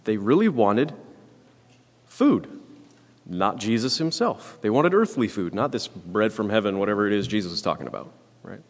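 A man preaching a sermon, earnest and emphatic, repeating his points and clearing his throat often. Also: on the low side, animated, fairly quick, in a large hall. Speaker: pastor.

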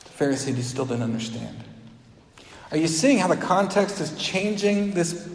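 A man preaching a sermon as the pastor, retelling a scripture story with acted quotes and dropping to a hush at key moments. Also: on the high side, expressive, normal speed, vocal fry, a little hiss or hum. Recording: echoey hall with long reverb.

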